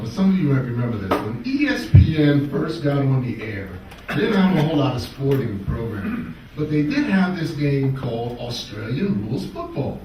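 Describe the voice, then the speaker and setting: A man doing a stand-up comedy set on a club stage, animated and playful, with audience laughter around him. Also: medium pitch, noisy background. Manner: animated, playful delivery with quoted voices. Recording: roomy club sound from a distant mic.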